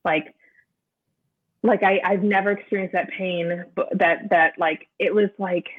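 A woman, an interview guest, recounting a personal experience in a halting way, often restarting as she searches for words. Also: lowish voice, steady tone. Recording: narrow phone-like sound.

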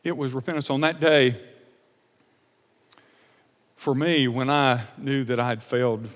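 A man preaching a sermon as a pastor, earnest and emotional, repeating phrases and swinging from loud emphasis to soft confession. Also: mid-range voice, steady tone, a little slow, long pauses, in a large hall.

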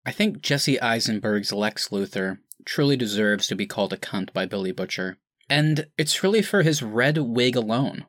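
A man co-hosting a podcast, talking in an animated, sarcastic and profane way. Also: medium pitch, moderate pace, no echo, studio quality. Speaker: podcast co-host. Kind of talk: casual podcast chat.

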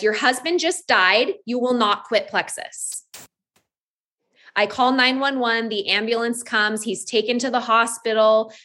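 A woman in her thirties telling a candid personal testimony about her business, lively and animated, acting out what she once said. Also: fairly high pitch. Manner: candid, animated, acts out her own past lines. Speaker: network marketing distributor.

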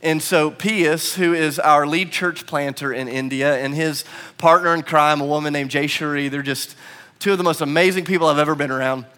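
Pastor, male, 30s, slightly high voice, self-mocking storyteller preaching to a congregation. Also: steady tone, moderate pace, bright, forceful tone, clear, resonant tone. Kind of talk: sermon. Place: church hall.

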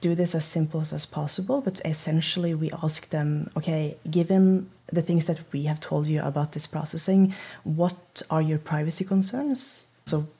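Low, gravelly woman. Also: normal speed, few pauses, warm tone. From Norway. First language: Norwegian. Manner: thoughtful, with many restarts and fillers. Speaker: project manager. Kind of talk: interview talk.

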